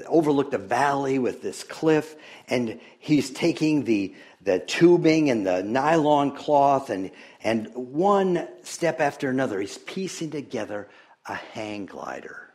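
A pastor with a mid-range voice preaches a sermon that swings between loud, emphatic bursts and hushed, near-whispered passages. He chuckles often and restarts hesitantly.

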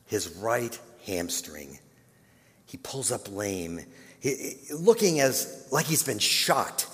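A male pastor telling a story in a sermon, dropping to a hush and then building to loud, dramatic peaks. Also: fairly low pitch, sing-song, slow pace. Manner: dramatic, swinging from hushed to loud. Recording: long reverb of a large hall.

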